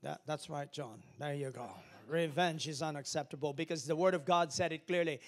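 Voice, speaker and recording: A man's voice: a little high, normal speed, few pauses. A man preaching a sermon as pastor, emphatic and calling on the congregation to repeat after him. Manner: emphatic preaching with call-and-response.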